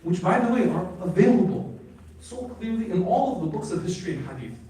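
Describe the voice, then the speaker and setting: A man's voice: high-pitched, sing-song, a little fast, mellow. A man giving an emphatic religious lecture to a live audience, calling out questions to the crowd. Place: large hall at an Islamic center. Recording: echoey hall, voice from far off.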